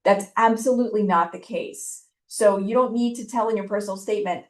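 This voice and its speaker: A woman's voice: medium pitch, moderate pace, few pauses. A woman giving informal admissions advice in a chatty way, with frequent fillers. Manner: chatty, with frequent ums and likes. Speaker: law school admissions speaker. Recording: echoey room, voice from a distance.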